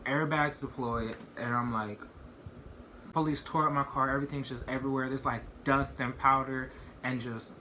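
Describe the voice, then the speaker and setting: Bright-voiced young man telling a story. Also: medium pitch, fairly even intonation, normal speed, a little hiss or hum. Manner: rambling, heavy use of "like" and "you know what I mean". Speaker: vlogger. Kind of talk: casual storytime.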